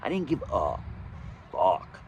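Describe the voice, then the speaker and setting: A man with a low voice speaks in a frank, expletive-laden monologue. His delivery is animated, jumping between emphatic outbursts and quiet mutters. He is recorded outdoors with a faint hum of traffic behind him. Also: slow pace. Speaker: vlogger sharing his recovery story. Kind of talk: candid monologue. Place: outdoors, sunny day.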